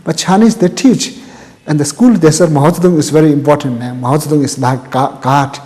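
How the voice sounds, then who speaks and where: An older Tibetan man, a native Tibetan speaker with a Tibetan accent, recounts his life in an oral history interview. He speaks halting, repetitive, plain broken English in a fairly high, slightly mellow voice, recorded in a large hall.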